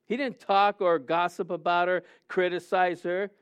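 A man preaching a sermon, animated and conversational, often acting out quotes in a raised voice. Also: sits high, moderate pace, clean tone. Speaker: pastor. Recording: dull lo-fi sound.

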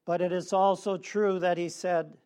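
A man preaching a sermon, leading the congregation in call-and-response with slow, emphatic phrasing. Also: high-pitched, little pitch movement, darkish tone, clean tone.

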